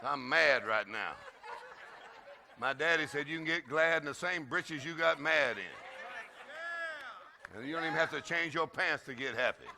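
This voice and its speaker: An older man giving an exuberant sermon as guest preacher, shouting and laughing loudly. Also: on the high side, moderate pace. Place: church service.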